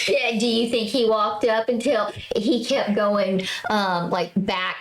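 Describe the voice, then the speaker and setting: A woman's voice: mid-range voice, fairly even intonation, slow pace, rough recording. A woman in her forties, co-hosting a casual podcast chat, amused and chiming in with reactions. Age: 40s. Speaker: podcast co-host.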